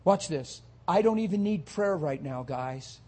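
A male preacher with a notably high voice, delivering a sermon in a fervent, emphatic way. His tone carries a husky, breathy edge. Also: animated, measured pace, a little mellow.

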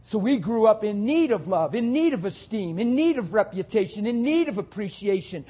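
A man's voice: high-pitched, sing-song, normal speed, hardly any pauses, mellow, husky. A man preaching a sermon, talking to his congregation with fervent, emphatic delivery.

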